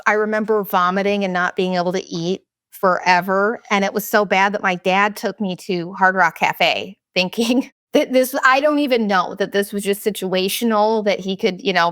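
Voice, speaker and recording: A woman's voice: lowish voice, a bit bright, no room sound, studio quality. A woman in her thirties hosting her own show, talking candidly and bluntly with plenty of swearing in a confessional, casual monologue. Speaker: podcast host.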